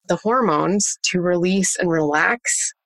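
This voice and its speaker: Dry, lower-voiced woman coaching parents. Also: takes it slowly, fairly bright tone, dry recording. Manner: practical, explains step by step with examples. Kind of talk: conversational interview answers.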